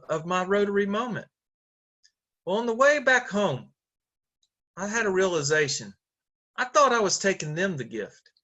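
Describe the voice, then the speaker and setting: A man's voice: sits high, sharp tone. A middle-aged man gives an earnest speech as a Rotary district governor over a video call, telling a story with many fillers and restarts.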